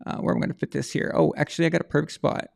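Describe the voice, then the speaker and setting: A man with a fairly high, gravelly voice, hosting a live stream. He rambles in a loose, chatty way and talks straight to the people watching as he runs a draw. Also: flat delivery, rapid-fire. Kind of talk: casual live stream chat, running a prize draw.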